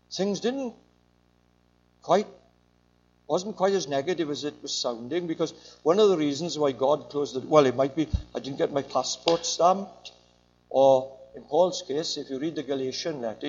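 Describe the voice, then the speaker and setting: A man's voice: on the high side, darkish tone. An older man, preaching a sermon with emphatic storytelling. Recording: muffled lo-fi recording.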